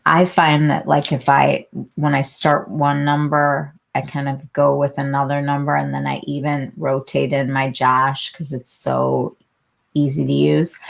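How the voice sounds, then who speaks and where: A woman in her forties hosts a casual beauty livestream, talking slowly through viewer questions. Her voice sits low with a gravelly fry, and she chats along with plenty of fillers and restarts. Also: flat delivery. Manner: chatty, many fillers and restarts, answers viewers by name. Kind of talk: casual live chat reading viewer comments.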